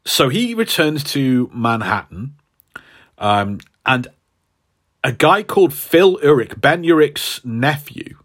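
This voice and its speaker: A man's voice: medium pitch, very animated, slow pace, fairly bright tone. A man co-hosting a casual chat, recapping a story in a rambling way with lots of fillers. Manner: rambling, hesitant with many fillers. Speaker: podcast co-host.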